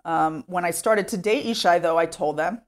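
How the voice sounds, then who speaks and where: A woman's voice: on the low side, moderate pace. A woman from Texas, chatting as a guest about her own life at home and filling her talk with "like". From Sherman, Texas, US. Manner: chatty, with many "like" fillers. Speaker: interview guest. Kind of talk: casual storytelling interview.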